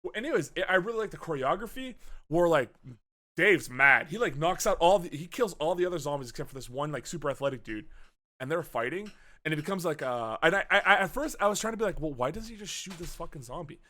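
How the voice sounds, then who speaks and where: A man talking through a movie on a casual podcast, his voice bright and forceful. His pitch jumps up and down a lot as he gets into it. He swears freely and slips into quick voices for the characters. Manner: animated, swears often, acts out scenes with quick voice changes. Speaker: podcast co-host. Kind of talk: casual movie review chat.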